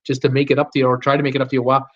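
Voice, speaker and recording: A man's voice: mid-range voice, completely flat delivery, very fast. A man hosting a live stream, reading viewer comments aloud and greeting each viewer by name in a chatty, upbeat way. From United States. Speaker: host of a live cruise Q&A stream. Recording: slightly dull, lo-fi stream audio.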